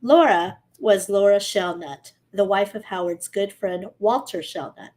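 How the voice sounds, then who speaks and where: A woman's voice: medium pitch, unhurried, darkish tone, rough recording. A woman co-hosting a podcast, reading a story aloud casually and steadily, now and then correcting herself.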